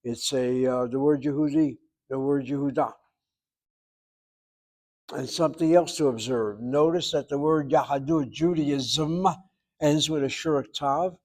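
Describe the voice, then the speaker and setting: A man teaching a Hebrew grammar lesson, explaining patiently and repeating words slowly to show how they sound. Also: mid-range voice, a little mellow, low-quality recording. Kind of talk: classroom grammar lecture.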